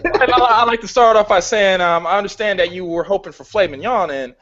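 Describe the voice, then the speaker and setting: A man's voice: high-pitched, quick pace, a bit bright, muffled recording. A man debating a film in casual talk, emphatic and heavy on swearing. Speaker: film reviewer.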